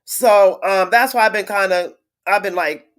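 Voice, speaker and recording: A woman chatting casually on a live stream to her viewers, venting in a frustrated, blunt way with swearing and halting restarts. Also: mid-range voice. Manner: halting with many fillers and restarts. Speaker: livestreamer greeting viewers.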